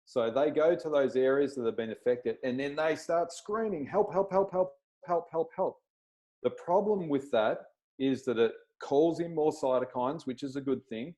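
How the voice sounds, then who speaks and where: A man's voice: medium pitch, a little mellow, low-quality recording. A man, a chiropractor, giving a plain-spoken explanatory talk over a video call and checking in with his listeners.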